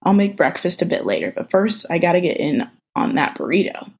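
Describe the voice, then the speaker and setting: A woman's voice: fairly low pitch, animated, a little fast, slightly rough. A woman reading a tender doting boyfriend. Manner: tender, soft-spoken. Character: gentle doting boyfriend, soldier.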